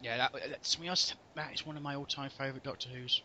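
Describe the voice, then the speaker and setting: A man in casual conversation about films, lively and halting, often restarting his sentences. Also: medium pitch, a little hiss or hum. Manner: animated, halting with restarts, mimics lines. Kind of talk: casual film discussion. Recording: dull lo-fi audio.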